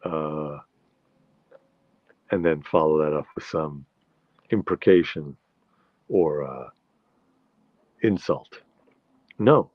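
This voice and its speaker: A man's voice: a bass voice, slow, long pauses, dry recording, dull audio. A man from New York hosting a live-stream chat, telling rambling anecdotes with many restarts and answering viewer comments. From New York, USA. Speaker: show host.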